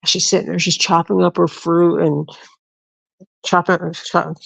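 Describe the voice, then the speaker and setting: A woman's voice: fairly low pitch, flat delivery, measured pace, vocal fry, no echo, poor audio. A middle-aged woman hosting a livestream, telling a rambling story casually to her viewers, swearing freely and often restarting her sentences. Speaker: livestream host.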